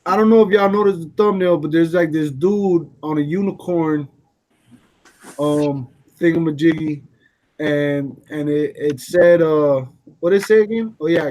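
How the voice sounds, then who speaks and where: Man, high voice, casual live-stream co-host, playful, talks to the chat. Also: measured pace, a little mellow. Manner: playful, addresses the chat directly. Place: lived in Texas.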